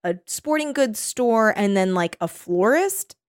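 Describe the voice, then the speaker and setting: A woman's voice: mid-range voice, expressive, measured pace, smooth, no echo, studio quality. A woman co-hosting a podcast in casual chat, rambling with lots of fillers and frequent giggles. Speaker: podcast co-host.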